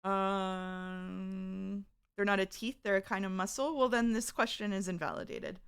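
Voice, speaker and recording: A woman's voice: medium pitch, steady tone, a little slow, vocal fry, clear, resonant tone. A woman streamer chatting casually with her viewers, reading out their messages and laughing often. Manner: reads chat aloud, chatty and giggly. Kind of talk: casual live-stream chat.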